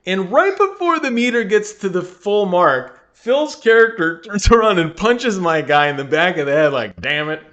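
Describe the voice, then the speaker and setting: A young man co-hosting a gaming podcast, telling a story in an animated way and laughing often. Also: sits high, normal speed, few pauses. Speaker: podcast co-host. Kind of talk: casual chat.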